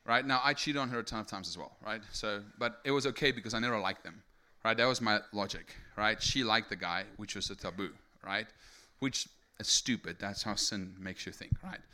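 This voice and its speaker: Young man from South Africa, testimony sermon, bright forceful voice, keeps checking in with the crowd. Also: fairly low pitch, fairly quick, hardly any pauses. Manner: energetic storytelling with many rhetorical "right?" tags. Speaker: speaker giving testimony. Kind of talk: sermon testimony to a live audience.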